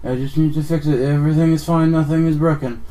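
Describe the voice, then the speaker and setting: A man's voice: a little high, steady tone, quick pace, mellow. A young man streaming a video game live, flustered and apologetic, swearing at technical trouble and joking at his own expense. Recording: distant mic with faint music.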